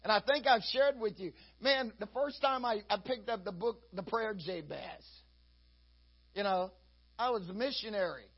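A high-pitched male preacher with a husky voice delivers a folksy, conversational sermon. He keeps leaning on "you know" as he talks. The recording sounds dull and lo-fi. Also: normal speed.

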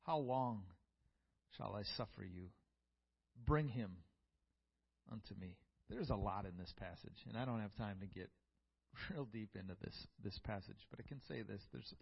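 A man's voice: fairly low pitch, creaky, breathy edge, dull audio. A man preaching a sermon in a church, reading scripture aloud and building to fervent peaks.

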